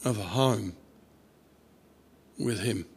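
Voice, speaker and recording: A man preaching a sermon, telling a story softly with fillers and restarts. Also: lowish voice, creaky, slightly rough. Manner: storytelling, soft and halting with fillers.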